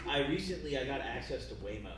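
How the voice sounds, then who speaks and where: A man's voice: medium pitch, animated, quick pace, noisy background. A young man hosting a podcast interview, loose and rambling, tipsy, swearing and laughing often. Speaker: podcast host. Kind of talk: casual drunk interview chat. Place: small cluttered podcast studio corner.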